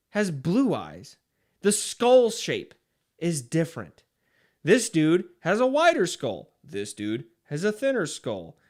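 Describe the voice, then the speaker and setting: A man's voice: sits high, fairly bright tone. A man hosting a livestream, reading chat and ranting in a profane, fired-up way. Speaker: livestream host.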